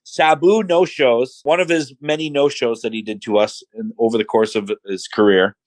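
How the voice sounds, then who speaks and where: A middle-aged man, a podcast guest, tells stories in a casual chat at medium pitch and a moderate pace. He animatedly acts out quotes in voices and leans heavily on "like" and "you know." The recording is dry and rough.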